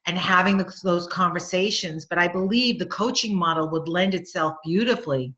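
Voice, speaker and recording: A middle-aged woman with a Long Island accent hosts a webinar, chatty and encouraging, filling pauses with "um" and "you know." Her voice is bright and a touch on the low side. The sound is dull and lo-fi, like online meeting audio. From Long Island, New York. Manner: chatty, encouraging, with frequent fillers and laughs. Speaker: webinar host and nurse coach educator. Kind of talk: casual webinar Q&A.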